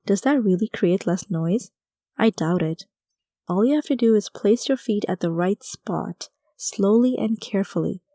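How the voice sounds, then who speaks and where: A woman's voice: medium pitch, animated, unhurried, mellow, no echo, clean studio sound. A woman reading a first-person story aloud as an audiobook narrator, in a wry, conversational storytelling manner.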